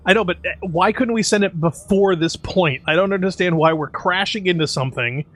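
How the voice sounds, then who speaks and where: A man's voice: sits high, brisk, fairly bright tone. A man commenting on a video game in casual, sarcastic banter. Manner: sarcastic, joking. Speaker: gameplay commentator. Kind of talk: casual let's-play banter.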